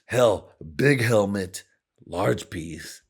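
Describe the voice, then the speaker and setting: A man impersonating a boastful older politician, bragging in a pompous, drawn-out way. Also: on the low side, breathy edge, exaggerated voice.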